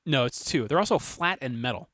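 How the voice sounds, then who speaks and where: A man casually describing photos from a trip, halting with fillers and trailing off softly. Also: medium pitch, dry recording, studio quality. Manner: relaxed, halting with fillers and soft trailing lines. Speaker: traveler sharing trip photos. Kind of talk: casual chat.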